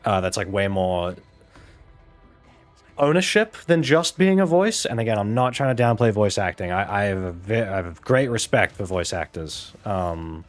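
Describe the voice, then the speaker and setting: A man's voice: on the low side, lively intonation, normal speed, soft background music. A man casually rambling while playing a game, full of fillers and restarts, frank and offhand. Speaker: gaming channel host.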